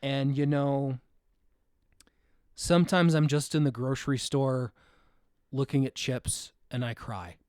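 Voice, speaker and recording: A man co-hosting a podcast, talking through a film in a halting, reflective way and searching for his words. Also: medium pitch, steady tone, darkish tone, clean tone, no room sound, studio quality. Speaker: podcast co-host. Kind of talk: casual film discussion.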